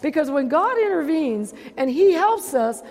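High-voiced woman pastor; sermon, loud-to-hushed swings, amen call-outs; long hall reverb. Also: very animated, unhurried.

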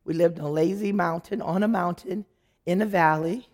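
A woman giving an animated, dramatic personal testimony, acting out the people in her story. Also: lowish voice, moderate pace.

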